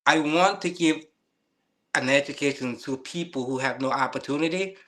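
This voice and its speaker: A man's voice: medium pitch, normal speed, a bit bright. A man in his fifties whose first language is Lao, speaking earnest, slightly non-native English in a casual chat. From Thailand. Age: 50s.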